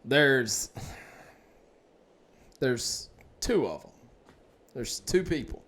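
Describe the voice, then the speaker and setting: A man co-hosting a podcast, talking casually and haltingly as he starts a story. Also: mid-range voice, expressive, fairly bright tone. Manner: hesitant, halting delivery. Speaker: podcast co-host. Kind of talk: casual chat.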